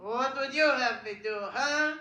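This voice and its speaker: A woman's voice: sits high, a little slow, bright, forceful tone. A young woman in a school play, playing a bombastic male stage actor who declaims his lines. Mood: grandiose. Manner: bombastic, declaiming, then panicked. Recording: far-off voice, echoey hall, hiss.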